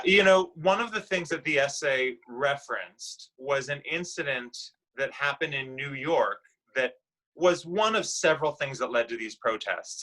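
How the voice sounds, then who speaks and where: A man's voice: mid-range voice, pushed and bright, low-quality recording. A man leading a class discussion, patiently telling a news story to children and asking them guiding questions. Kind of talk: explaining current events to children.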